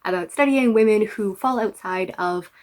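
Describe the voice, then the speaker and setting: A woman's voice: mid-range voice, moderate pace, darkish tone. A young woman chatting to camera about her reading list, chatty and wry, with playful asides and the odd whispered word. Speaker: book vlogger. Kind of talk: casual book talk to camera.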